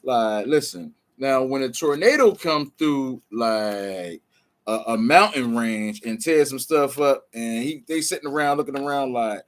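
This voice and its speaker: A man's voice: medium pitch, lively intonation, measured pace. A man vlogging with casual commentary, loose and slangy, full of "like" and "man".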